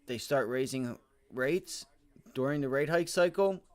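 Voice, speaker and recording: A man's voice: medium pitch, a little slow. A man streaming live from his desk, talking through stock charts in a loose, rambling way. He grumbles and swears under his breath when things go wrong, then turns back to explaining to viewers, peppering his talk with "right?" and "my friend". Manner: repeats filler words like right and my friend. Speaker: livestream day trading host. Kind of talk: casual live-stream commentary.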